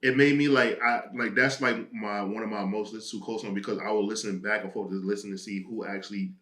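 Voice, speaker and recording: A man's voice: fairly low pitch, fast, reverberant. A young man co-hosting a casual talk show, telling stories with lots of fillers and acting out friends' lines. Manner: animated storytelling, acts out friends' voices. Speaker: podcast co-host. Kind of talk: casual chat.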